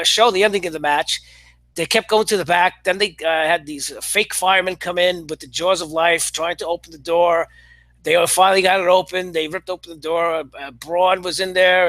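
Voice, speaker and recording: A man reviewing a show in a casual monologue, exasperated and sarcastic, halting with frequent restarts and fillers. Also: high-pitched, sharp tone, no room sound. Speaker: wrestling commentator.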